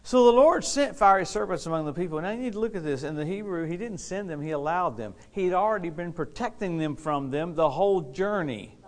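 A man preaching a lively sermon to a responding congregation, exuberant, laughing often and repeating key phrases for emphasis. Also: high-pitched, brisk, few pauses. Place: church service with a responding congregation.

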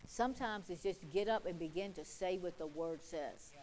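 A woman's voice: lowish voice, moderate pace, darkish tone, slight background noise, poor audio. A woman preacher delivering an emphatic sermon, repeating points and quoting scripture. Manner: emphatic, repetitive, quotes scripture.

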